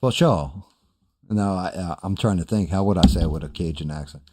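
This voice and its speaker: A man's voice: low voice, fast, background noise. An older man hosting a casual live stream chat, rambling and swearing as he answers his viewers. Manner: profane, rambling, self-deprecating. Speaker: streamer host.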